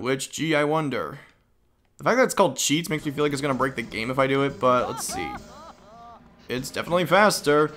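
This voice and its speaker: A man talking casually over gameplay, chatty and wry. His voice is lively and rises and falls a lot. Faint music plays in the background. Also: mid-range voice. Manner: chatty, wry asides, frequent "uh" restarts. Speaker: gaming YouTuber. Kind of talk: casual let's-play commentary.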